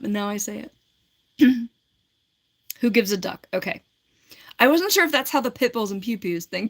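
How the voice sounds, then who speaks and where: A woman's voice: medium pitch, bright, forceful tone. A woman in her forties on a casual livestream, reading and answering viewer comments in a rambling, giggly way with lots of filler words. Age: 40s.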